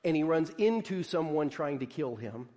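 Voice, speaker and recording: A man delivering a sermon in a relaxed, chatty preaching style, with plenty of "like" and little acted-out quotes. His voice sits a touch high for a man. It rings out with a long reverb through a big hall. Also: moderate pace. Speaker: pastor.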